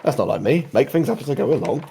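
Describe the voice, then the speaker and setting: A man narrating as game master of a tabletop game, rambling and halting with many ums. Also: mid-range voice, expressive, creaky, warm tone, a little hiss or hum.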